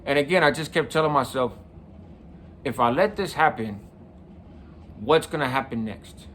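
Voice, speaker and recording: A man's voice: medium pitch, expressive, moderate pace, a bit bright, slight background noise. A middle-aged man from California, the host of a show, telling a personal story in a casual, conversational way, often checking in with the listener. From San Mateo County, California. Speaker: podcast host.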